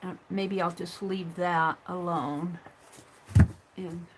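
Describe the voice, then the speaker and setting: A woman's voice: lowish voice, fairly even intonation, slow pace, fairly bright tone, slight background noise, rough recording. A woman hosting a live craft stream, thinking aloud as she works, trailing off and murmuring under her breath. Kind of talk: live craft stream, talking while working.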